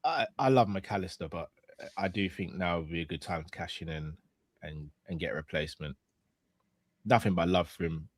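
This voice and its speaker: A man's voice: sits low, fairly quick, no echo. A young man co-hosting a football podcast, earnest and stumbling over his starts. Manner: earnest, repeats words when starting. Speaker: podcast co-host. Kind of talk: casual football chat.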